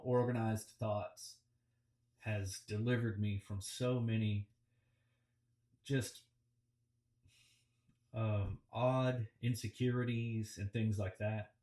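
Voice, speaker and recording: A man gives a relaxed, reflective coaching talk about public speaking on a video call, often pausing with ums and restarting his sentences. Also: on the low side. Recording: roomy and distant from the mic.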